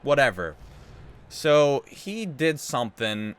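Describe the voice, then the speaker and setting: A man's voice: medium pitch, very animated, slow pace, clear, resonant tone. A man hosting a gaming channel, casually telling a rambling story while he plays, emphatic and often restarting his sentences. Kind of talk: casual storytelling over gameplay.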